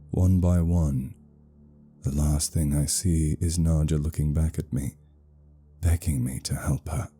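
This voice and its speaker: A man telling a first-person horror story in a measured, somber storytelling voice. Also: low voice, warm tone. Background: faint music.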